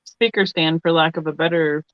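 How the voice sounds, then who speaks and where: A woman's voice: sits low, steady tone, fairly quick, no room sound. Woman calling into a live stream, rambling and trailing off, dry muffled sound. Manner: rambling, trails off mid-sentence. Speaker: regular viewer on the stream. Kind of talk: casual live-stream chat.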